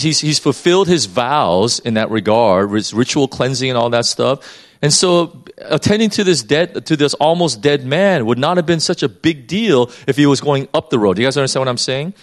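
A man preaching in a conversational Bible-teaching style, often repeating words as he thinks. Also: medium pitch.

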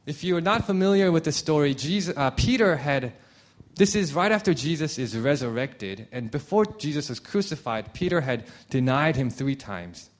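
A man's voice: a little high, lively intonation, normal speed. A man preaching a conversational sermon as pastor, reading scripture aloud and restarting his sentences as he goes.

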